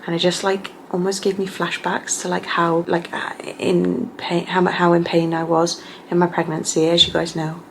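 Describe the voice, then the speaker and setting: A young mother speaks openly to her camera at home, her voice low and touched with gravelly fry. She talks in an emotional, filler-heavy ramble. A faint hiss of noise sits under the recording. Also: monotone, moderate pace, few pauses, low-quality recording. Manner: candid, emotional, many fillers like "like". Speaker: vlogger, mother. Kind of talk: casual vlog chat to camera. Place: home bedroom.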